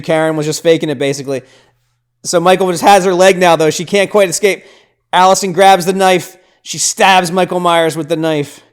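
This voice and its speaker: Recapping a film one scene at a time, a male podcast host speaks casually in a smooth, fairly high voice. He leans on "like" and "right?" constantly and goes quiet and hushed whenever the story gets tense.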